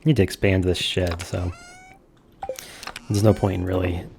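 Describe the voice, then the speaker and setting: A man's voice: low voice, flat delivery, unhurried, gravelly, a little mellow, a little hiss or hum. A man giving casual, profane, self-mocking let's-play commentary as he plays a farming game. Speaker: gaming streamer.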